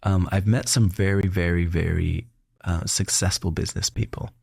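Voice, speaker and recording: A middle-aged man with a deep, gravelly voice and a touch of husky rasp hosts a relaxed interview. He tells stories warmly and animatedly, laughing and putting on voices for the people he quotes. The sound is close and dry. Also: normal speed, dry recording. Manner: animated storyteller who laughs often and acts out quotes. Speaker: doctor and podcast host. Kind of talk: casual conversational interview.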